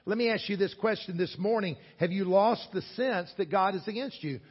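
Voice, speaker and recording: A man in his sixties from the American South with a Southern accent, preaching a sermon earnestly, with loud stresses and quiet asides. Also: sits high, fairly quick, breathy edge. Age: 60s. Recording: long hall echo, dull lo-fi sound.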